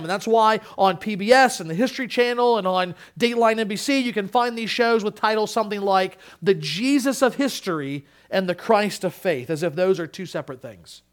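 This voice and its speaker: High-voiced male preacher, dramatic swings. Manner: dynamic, swinging from loud emphasis to hushed low asides. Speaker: pastor. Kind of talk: sermon.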